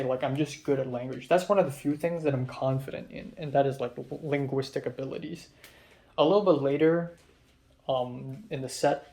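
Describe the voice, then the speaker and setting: Young guy from hong kong rambling about his day, um and like everywhere, voice sits a bit high. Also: a little mellow. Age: young adult. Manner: rambling, chatty, many fillers. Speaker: film student vlogger. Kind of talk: casual diary vlog.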